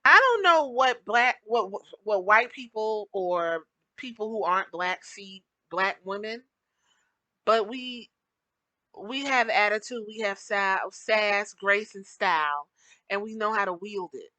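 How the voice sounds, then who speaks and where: Woman podcast host ranting, bright sharp voice, dry close sound, blunt and animated. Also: medium pitch, unhurried, dry recording, low-quality recording. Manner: animated, blunt, switches into mock voices to make points. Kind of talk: opinionated podcast commentary.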